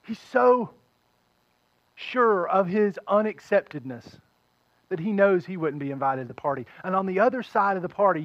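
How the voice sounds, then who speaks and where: A man pastor preaching a sermon, retelling a story with animated delivery and acting out the characters' voices. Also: high-pitched, moderate pace, dry recording, highs cut off.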